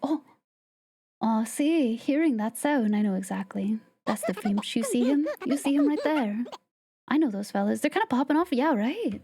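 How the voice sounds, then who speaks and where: A woman streaming a game live, chatting playfully with viewers and slipping into soft whispered asides. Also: on the high side, animated, moderate pace, slightly rough. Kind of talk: casual live-stream chat. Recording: game music playing behind the voice.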